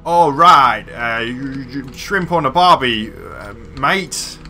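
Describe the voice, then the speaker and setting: A man putting on a mock Australian accent to play a loud, hammy caricature of a boisterous Australian bloke, rambling with fillers. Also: medium pitch, animated, takes it slowly, soft background music, heavily acted.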